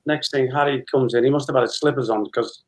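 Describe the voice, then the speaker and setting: A man's voice: medium pitch, fairly even intonation, fast talker, rough recording. A man in his fifties, a guest telling a long casual anecdote and acting out dialogue as he goes. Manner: chatty storyteller, re-enacting dialogue with laughs.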